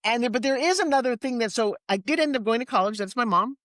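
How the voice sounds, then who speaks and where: A woman in her sixties with a New York accent, a guest telling personal stories in a lively, candid way with quick asides. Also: on the high side, no room sound, clean studio sound. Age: 60s. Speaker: interview guest. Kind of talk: personal storytelling in conversation.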